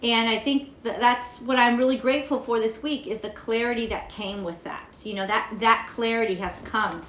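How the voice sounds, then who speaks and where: A woman's voice: on the high side, steady tone, moderate pace, fairly bright tone. An American woman reading tarot cards in a casual vlog, rambling and cursing freely as she rants. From United States. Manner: profane ranting, rambling. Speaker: tarot reader. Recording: echoey room.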